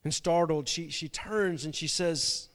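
A man's voice: a little high, measured pace, fairly bright tone. A man preaching a sermon, retelling a story dramatically and often repeating his words. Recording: long reverb from a large hall.

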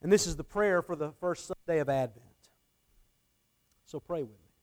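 A man's voice: a little high, normal speed, darkish tone. A man preaching a sermon earnestly, often repeating his phrases and shifting his emphasis. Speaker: pastor.

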